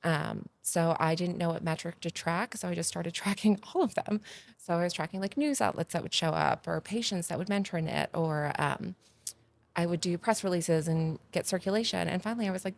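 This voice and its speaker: A woman, a podcast guest telling stories in a casual, animated way that grows loud and excited. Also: fairly low pitch, brisk, vocal fry. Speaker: podcast guest, agency founder. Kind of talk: casual interview storytelling.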